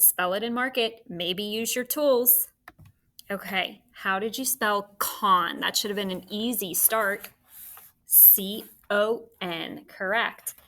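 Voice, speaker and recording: Slowly and deliberately, a woman teacher leads children through a spelling lesson, sounding out each word letter by letter. Her medium-pitched voice comes across as pushed and bright.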